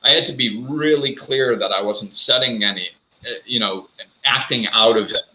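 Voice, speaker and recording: A man with a very bright, forward voice, talking in a casual, animated way as the host of a live show. He acts out bits of dialogue and laughs at himself. The sound is echoey, as if recorded in a hard room. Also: medium pitch, normal speed. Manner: animated, self-mocking, acts out quotes.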